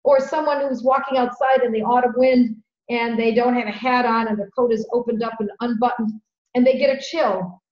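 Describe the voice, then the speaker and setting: A middle-aged woman hosting a podcast, telling a story in an earnest, animated way and repeating phrases for emphasis. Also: a little high, normal speed. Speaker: podcast host. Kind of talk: conversational storytelling. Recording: roomy, dull lo-fi sound.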